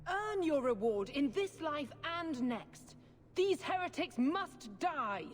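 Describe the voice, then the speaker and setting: A fanatical, fervent priestess. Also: female voice, high voice, sing-song, slow pace, full character voice. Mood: zealous. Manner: fervent, accusing, sermon-like. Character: fanatical middle-aged woman priest, zealous schemer. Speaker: priestess character. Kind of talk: video game voice acting. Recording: long reverb with faint noise.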